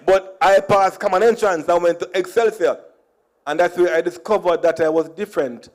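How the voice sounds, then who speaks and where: Jamaican man, higher-pitched, playful conference speaker who slips into Creole and acts out dialogue. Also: fairly even intonation, normal speed, darkish tone. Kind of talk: humorous storytelling speech. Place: conference hall.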